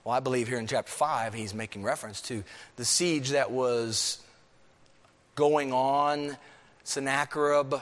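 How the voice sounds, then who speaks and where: A man preaching a sermon, swinging between emphatic, raised peaks and low, quiet stretches. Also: fairly even intonation, measured pace. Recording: long hall reverb.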